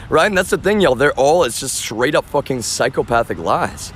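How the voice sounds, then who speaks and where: A man's voice: on the high side, moderate pace, hardly any pauses, fairly bright tone, a little hiss or hum. A man live streaming outdoors from a front yard, talking to his viewers in an agitated, rambling way full of swearing. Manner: agitated, rambling, profane, addresses viewers as y'all.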